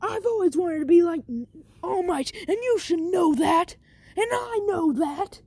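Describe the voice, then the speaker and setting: A woman voicing a hot-tempered teenage boy bully who shouts accusations, in a casual spoken story. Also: extremely high pitch, animated, unhurried, no echo, pitched above the performer's own voice, heavily acted. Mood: angry.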